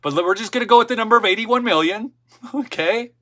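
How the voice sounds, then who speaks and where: Male livestream host, emphatic ranter with a bright, slightly high voice; casual commentary full of asides. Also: brisk. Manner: ranting, emphatic, repeats for effect; frequent "okay?" asides and self-interruptions.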